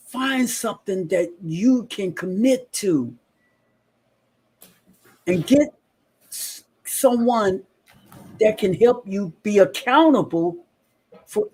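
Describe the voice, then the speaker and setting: Male motivational co-host, high voice, slow and preachy delivery. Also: darkish tone, husky. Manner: preachy, repeats lines for emphasis. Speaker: podcast co-host. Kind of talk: motivational talk.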